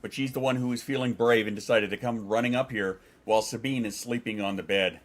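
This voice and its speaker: A man talks loosely to his livestream chat in a lowish voice. He rambles, curses freely, and trips over his own sentences as he answers viewers. Casual stream talk. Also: fairly even intonation, fairly quick. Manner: rambling and profane, with frequent restarts.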